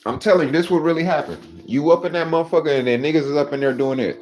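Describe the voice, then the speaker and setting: Man, blunt storyteller, heavy swearing, slightly high voice, faint music bed. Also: rapid-fire, darkish tone. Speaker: storyteller recounting jail time. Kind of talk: casual profane storytelling.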